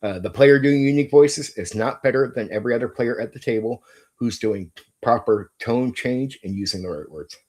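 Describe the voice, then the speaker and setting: A man's voice: mid-range voice, moderate pace, a little mellow. A middle-aged man hosting his channel, giving a blunt, emphatic monologue with some swearing. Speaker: channel host. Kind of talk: opinionated monologue.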